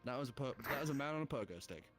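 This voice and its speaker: A man narrating a tabletop game as game master, casual and quick to laugh. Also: mid-range voice, faint music behind. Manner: casual, laughs easily, lively descriptions.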